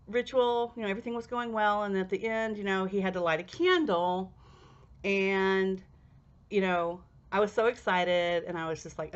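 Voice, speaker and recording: A young woman telling a personal anecdote in an animated way, laughing and jumping into high squeals when she acts out her past self. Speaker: storyteller. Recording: slightly dull lo-fi recording.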